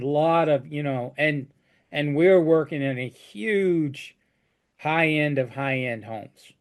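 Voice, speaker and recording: A man who works as a flooring contractor, telling job stories in a casual chat and restarting his sentences often. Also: fairly high pitch. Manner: storytelling with frequent restarts.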